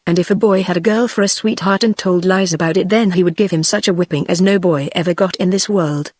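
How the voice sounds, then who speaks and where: A text-to-speech woman's voice with a British English accent, reading a classic story as an audiobook narrator in an even, steady way. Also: lowish voice, fast talker, no echo, studio quality.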